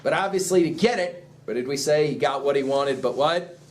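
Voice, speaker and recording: A man's voice: a little high, brisk, slight background noise. A man teaching a literature class, lecturing and throwing questions at his students. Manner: asks the class questions, lively explaining. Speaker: English teacher.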